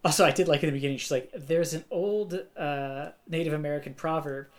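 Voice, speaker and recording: A man with a somewhat high voice talks through a casual podcast conversation. He is animated, slipping into little acted-out quotes as he talks. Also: brisk. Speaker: podcast co-host. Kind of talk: casual chat.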